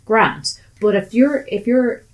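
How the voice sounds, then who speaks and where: A woman's voice: fairly high pitch, lively intonation, slow pace. An Irish woman hosting a casual chat, blunt and sweary, telling stories with animation. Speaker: podcast host.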